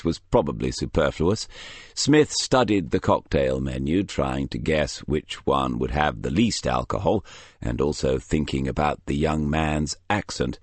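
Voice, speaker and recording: A man reading a crime novel aloud in measured, dry storytelling narration. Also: a bass voice, no room sound. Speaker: audiobook narrator. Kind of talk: scripted narration.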